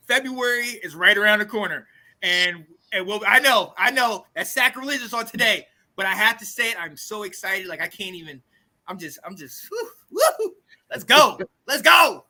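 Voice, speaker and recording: A man hosts a casual sports podcast in a high voice. He talks in a hyped, slangy way and shouts catchphrases. His tone is very bright and sharp. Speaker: podcast host.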